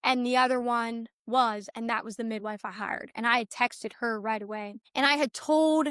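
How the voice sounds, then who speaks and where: A woman's voice: fairly high pitch, fairly even intonation, normal speed, a bit bright, clean tone, no room sound, clean studio sound. Earnest young woman telling her story. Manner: earnest, tumbling storyteller who acts out others' lines. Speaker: podcast guest. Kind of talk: personal storytelling.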